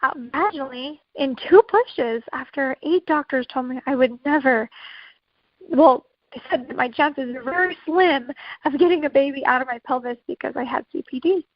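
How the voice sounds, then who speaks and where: Woman, high voice, emotional, earnest storytelling, dull lo-fi sound. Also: normal speed, no echo. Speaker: podcast co-host. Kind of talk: personal birth story.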